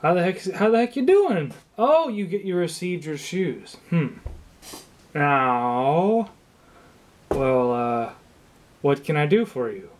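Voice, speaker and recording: A young man with a slightly high voice improvises one half of a phone call as a shoemaker talking to an upset customer. He fires off disbelieving questions in a deadpan, mock-supportive way. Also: slow, pauses often, a little hiss or hum.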